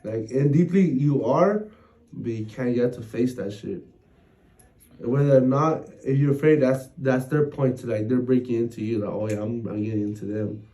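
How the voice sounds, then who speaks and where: A man's voice: medium pitch, normal speed, warm tone, distant mic, poor audio. A man co-hosting a podcast, telling a scary story in rambling casual chat full of slang and swearing. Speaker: podcast co-host.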